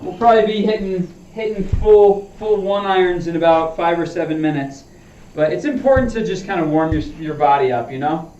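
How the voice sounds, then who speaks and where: While he streams golf practice, the man talks casually to his viewers and walks himself through each swing. He speaks at normal speed with a high voice and a darkish tone, captured in a roomy, distant, dull lo-fi recording.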